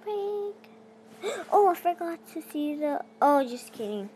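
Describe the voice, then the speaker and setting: High-voiced kid rambling through a game. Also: female voice, very animated, slow, dark tone, slight background noise, rough recording. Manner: rambling, self-talking while playing, non-native phrasing. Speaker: let's play creator. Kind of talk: casual gameplay commentary.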